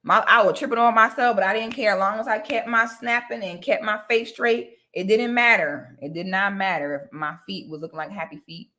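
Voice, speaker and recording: A woman's voice: mid-range voice, fairly even intonation, brisk, hardly any pauses, pushed and bright. A young woman, chatting casually and animatedly straight to her viewers. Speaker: vlogger talking to viewers. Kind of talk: casual chat to camera.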